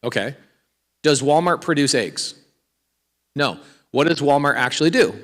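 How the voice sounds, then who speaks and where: A man's voice: fairly high pitch, expressive, unhurried, fairly bright tone, big-room sound. A man giving a live real estate seminar, energetically quizzing the audience with questions and asking for raised hands. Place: large hall with an audience.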